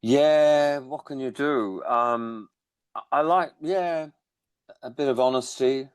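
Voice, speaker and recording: A man's voice: medium pitch, takes it slowly, smooth, dry recording. A man, born in England, chatting as a musician guest with rambling, self-deprecating humor. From born in England, raised in Australia. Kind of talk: casual interview chat.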